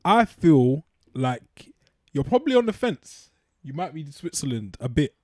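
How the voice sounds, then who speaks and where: A man co-hosting a podcast, talking in a laid-back, teasing way with drawn-out phrasing. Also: fairly high pitch, big pitch swings, darkish tone, dry recording, clean studio sound. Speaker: podcast co-host. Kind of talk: casual chat.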